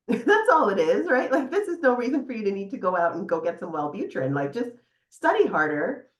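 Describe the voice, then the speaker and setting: A middle-aged woman psychotherapist talking casually as a podcast guest, animated, laughing now and then as she explains. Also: medium pitch, a little fast. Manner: animated, laughs often, guides listener through exercise. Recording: echoey room.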